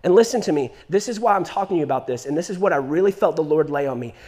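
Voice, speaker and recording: A male pastor preaching a sermon, emphatic and full of repetition, moving between loud urgent lines and hushed ones while telling a story. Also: on the high side, rapid-fire. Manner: emphatic, repeats "listen to me", swings from loud to hushed; animated storytelling, acts out quoted voices.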